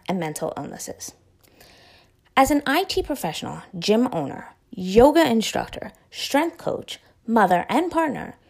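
A middle-aged woman hosts a podcast in a relaxed, chatty way. Her voice is slightly husky and stuffy, as if she were coming down with a cold, and it swings lively up and down in pitch. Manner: chatty, laughs easily, self-deprecating. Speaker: podcast host. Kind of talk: casual interview chat.

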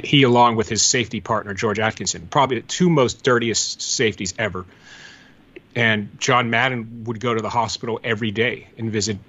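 A man's voice: lowish voice, a bit bright. An older man from the Pittsburgh area, rambling through memories in a casual podcast chat. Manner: reminiscing, rambling storyteller. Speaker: guest. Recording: dull lo-fi audio.

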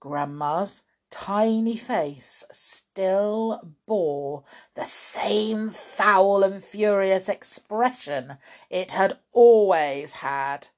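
A woman reading a children's storybook aloud with expressive, dramatic narration. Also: mid-range voice, very slow. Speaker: storybook reader.

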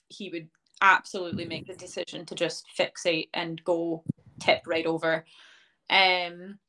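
A woman's voice: medium pitch, fairly bright tone. Chatty young woman telling a story. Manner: chatty, many fillers like "um" and "like", acts out quoted speech. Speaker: interview guest, dog owner. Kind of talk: casual storytelling in a podcast interview.

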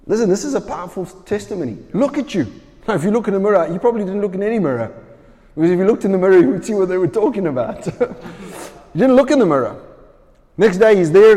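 Animated preaching man in a reverberant hall. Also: fairly high pitch, brisk. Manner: animated storytelling, acts out quoted voices. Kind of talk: sermon.

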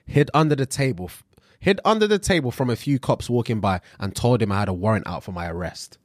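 Animated man, podcast banter. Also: mid-range voice, fast talker, dry recording, studio quality. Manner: loud, laughing, animated. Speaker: podcast co-host.

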